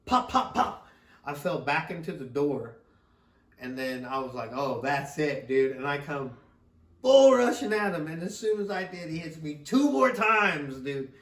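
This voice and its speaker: A man's voice: a little high, lively intonation, normal speed, fairly bright tone. A middle-aged man, a father, casually telling a rambling story on a podcast, laughing often and swearing freely. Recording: roomy sound from a distant mic.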